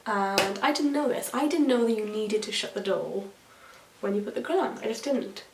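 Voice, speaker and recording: A woman's voice: medium pitch, normal speed, recorded from a distance. A young woman, a beauty vlogger telling a story while doing her makeup, chatty and swearing freely. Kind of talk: chatty get-ready-with-me vlog. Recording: echoey room, voice a bit off-mic.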